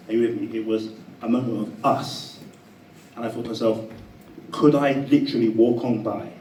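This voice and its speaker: A man telling a personal story to a live audience in a chatty, animated way, often laughing. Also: on the low side, roomy sound, far from the mic, a little hiss or hum, low-quality recording. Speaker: speaker at a live talk. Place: event room with an audience.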